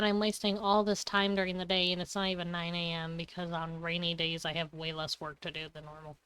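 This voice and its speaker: A woman's voice: on the low side, flat delivery, a little fast, few pauses, pushed and bright, clean tone. A young woman streaming a farming game, chatting casually and talking to the characters on screen. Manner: chatty, talks to game characters, laughs and coughs often. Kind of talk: casual gameplay commentary.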